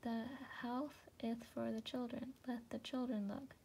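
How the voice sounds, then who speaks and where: A woman's voice: sits high, fairly even intonation, normal speed, warm tone, husky, low-quality recording. A woman reading aloud as a lazy father mouse who would rather keep eating. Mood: offhand. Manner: offhand, talking with his mouth full. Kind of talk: storybook reading.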